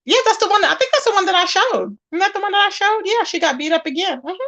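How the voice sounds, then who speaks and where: A woman's voice: extremely high pitch, expressive, quick pace, fairly bright tone. A woman hosting a casual gossip livestream. She talks emphatically and greets her viewers by name as she chats. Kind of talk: casual live-stream chat.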